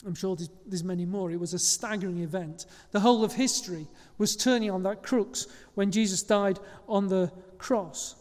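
At a moderate pace with hardly any pauses, a pastor gives a relaxed, chatty sermon, catching and fixing minor slips. The long reverb of a church hall trails his rather high male voice.

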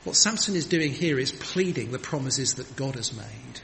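A man's voice: medium pitch, expressive, moderate pace, vocal fry, a bit bright. A man preaching a sermon in an earnest, emphatic manner, with rhetorical questions. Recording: long hall reverb, faint background noise.

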